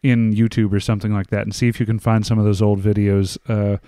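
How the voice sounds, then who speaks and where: A man hosts a relaxed podcast conversation and talks straight to the viewers. His voice is smooth and clear, with a dry, close sound. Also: fairly low pitch, fast talker, no room sound. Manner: easygoing, addresses viewers. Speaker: podcast host. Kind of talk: casual chat.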